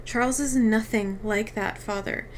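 A woman's voice: mid-range voice, steady tone, a little slow, a little hiss or hum, lightly acted. A woman reading as an anguished, pleading girl. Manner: urgent, pleading. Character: desperate anguished young girl.

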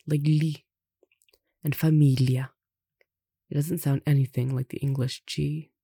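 A language tutor reading a pronunciation lesson aloud in an unhurried way, slowly spelling out examples and adding light asides. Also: mid-range voice, creaky, dark tone, husky, no echo, studio quality. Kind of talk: reading an instructional text aloud.

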